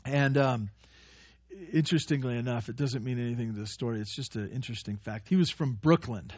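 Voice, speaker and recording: A man preaching a sermon as a pastor, telling stories and growing animated when he quotes. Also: mid-range voice, fairly quick, dry recording. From United States. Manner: storytelling, animated when quoting. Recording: dull lo-fi dry sound.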